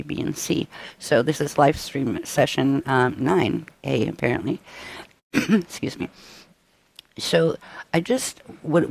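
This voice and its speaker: A man presenting a live-stream workshop briefing, tired and coughing, with his voice giving out and frequent halting restarts. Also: a little high, vocal fry, a little mellow, no echo. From United States. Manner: tired, up all night.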